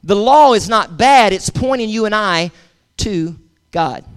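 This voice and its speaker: Unhurried and expressive, a man with a high, clean-toned voice preaches to his congregation as pastor. The sermon is emphatic and repetitive, with call-and-response and conversational asides.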